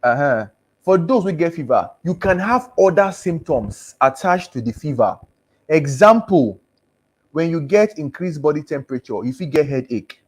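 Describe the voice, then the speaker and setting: His voice on the high side and slightly rough, a male doctor with a Nigerian Pidgin accent chats expressively at a moderate pace while reading live-stream comments. He's easygoing and repetitive, switching between English and Pidgin and repeating his thanks as his voice grows hoarse.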